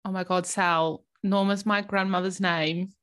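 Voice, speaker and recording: A woman's voice: medium pitch, steady tone, measured pace, fairly bright tone. Chatty woman co-hosting a podcast. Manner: chatty, emotional, peppered with "like" and swearing. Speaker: podcast co-host. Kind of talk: casual podcast chat.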